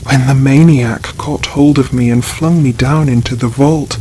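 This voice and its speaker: Slow, measured male audiobook narrator. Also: medium pitch, a little hiss or hum, low-quality recording. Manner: slow, measured, even reading. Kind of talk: scripted horror narration for sleep.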